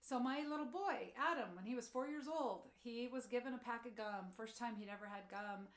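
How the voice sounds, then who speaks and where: A middle-aged woman giving a motivational talk, telling personal stories and acting out quotes, softening her voice for tender moments. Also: a little fast, roomy sound. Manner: storytelling, acts out quotes, drops soft and low for tender moments. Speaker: speaker.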